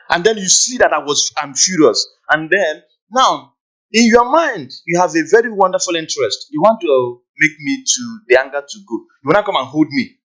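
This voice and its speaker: A man's voice: on the high side, lively intonation, a little fast, fairly bright tone, low-quality recording. A man talking on a podcast panel, acting out little scenes and often checking "you understand?". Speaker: podcast guest. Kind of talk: casual panel discussion.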